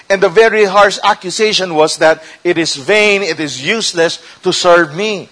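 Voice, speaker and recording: A preacher with a high voice, delivering a conversational sermon. He talks to the congregation plainly and drops in Tagalog asides. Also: moderate pace, few pauses, sharp tone, poor audio.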